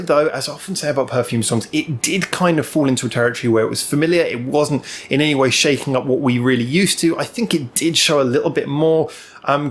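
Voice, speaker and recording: A man hosts his own music review channel, thinking aloud as he talks through a song. He rambles and restarts often, filling gaps with ums. He is recorded alone indoors, speaking to a camera in front of him. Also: fairly high pitch. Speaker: music reaction channel host.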